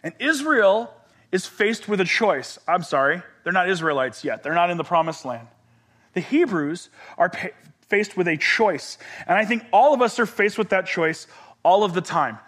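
High bright-voiced male pastor preaching. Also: moderate pace. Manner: expressive, drops to whispers and shouts for emphasis. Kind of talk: sermon.

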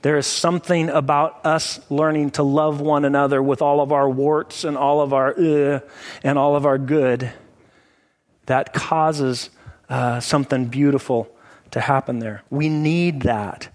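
A middle-aged pastor delivers a sermon in a relaxed, talky style, with a voice sitting a little higher than most men's. He speaks to the congregation as if chatting, tossing in asides and checking in with his listeners. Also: a little slow. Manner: conversational preaching with frequent "like" and "right?".

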